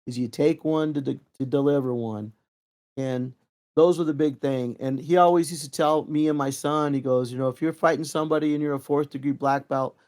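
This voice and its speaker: A middle-aged man telling training stories in a casual, rambling way, full of fillers and restarts. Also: mid-range voice. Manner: rambling, lively anecdotes with many fillers. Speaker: interview guest, Kempo practitioner. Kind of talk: casual storytelling.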